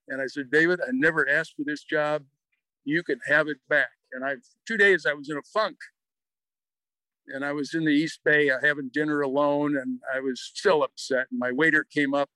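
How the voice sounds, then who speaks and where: Bright-voiced older man telling stories. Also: a little high, dry recording, rough recording. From American Midwest. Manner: lively anecdotal storyteller who acts out quotes. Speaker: guest author. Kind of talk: storytelling in an interview.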